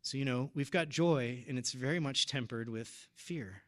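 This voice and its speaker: A man's voice: medium pitch, moderate pace, fairly bright tone. A man in his thirties preaching, telling a personal story in an earnest, emotional way. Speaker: deacon or preacher at a parish. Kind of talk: personal testimony in a sermon.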